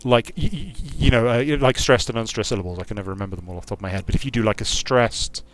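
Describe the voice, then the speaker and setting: A British man speaks very fast at medium pitch, streaming his play of a strategy game. He's a game designer from the United Kingdom, giving casual, digressive commentary as he thinks aloud.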